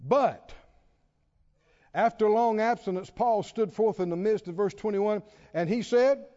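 A man preaching a sermon, retelling a story dramatically with laughs and shouted exhortations. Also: high voice, measured pace. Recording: dull sound with long hall reverb.

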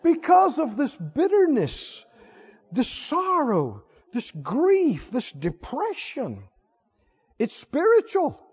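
Male preacher, sermon, rhetorical questions, emphatic repetition; high, animated voice; dull lo-fi recording. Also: slow.

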